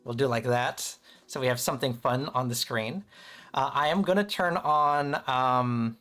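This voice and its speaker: A man's voice: medium pitch, a little slow, soft background music. Playful, chatty male streamer. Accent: American. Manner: playful, chatty, self-deprecating, excitable. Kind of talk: casual live-stream chat.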